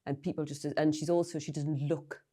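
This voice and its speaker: A woman's voice: deep voice, little pitch movement, a little fast, crowd noise. A woman with a mellowed Geordie accent, hosting a conversation and sharing her own experience. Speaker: podcast host. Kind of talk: casual interview chat.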